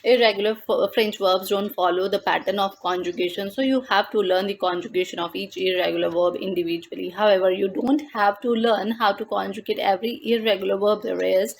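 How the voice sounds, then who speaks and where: A woman teaching a beginners' French lesson, reading dialogue lines and translating them slowly and deliberately. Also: medium pitch, fairly even intonation, gravelly, a little hiss or hum. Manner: slow and deliberate, repeats words in French then English. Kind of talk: explaining a textbook lesson.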